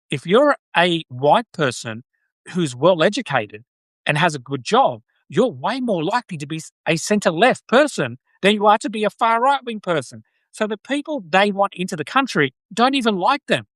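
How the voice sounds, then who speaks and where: A man's voice: a little high, fairly bright tone, no room sound. A man with an Australian accent, hosting a live-stream podcast with political commentary. He talks off the cuff, restarts and repeats phrases, and thanks viewers by name. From Brisbane, Australia. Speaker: podcast host.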